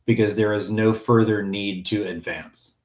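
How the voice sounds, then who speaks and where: A man's voice: fairly low pitch, steady tone, unhurried, a little mellow, reverberant. A man co-hosting a fan podcast in casual chat, enthusiastic and joking, with frequent restarts. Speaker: podcast co-host.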